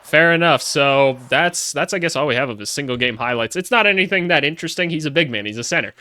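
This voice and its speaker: A man walks his viewers through basketball film in a loose, chatty way. His voice is bright and forward and sits a little high for a man. He swings from quiet asides to loud, excited calls whenever a play lands. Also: quick pace, clear, resonant tone. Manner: animated, excitable, talks to viewers as y'all and my guy. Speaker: former college basketball coach reviewing film. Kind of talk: casual film breakdown commentary.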